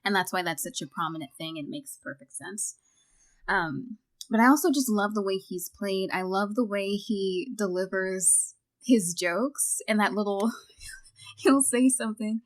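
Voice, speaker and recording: A woman co-hosting a film podcast in casual chat, with a medium-pitched voice. She talks in an animated, enthusiastic way and often stops to restart her sentences. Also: measured pace. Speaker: podcast co-host.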